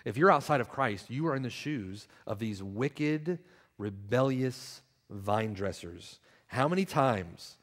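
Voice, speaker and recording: A male pastor preaching a sermon, repeating his questions and swinging from hushed reflection to loud, pleading appeals. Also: medium pitch. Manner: rhetorical repetition and questions.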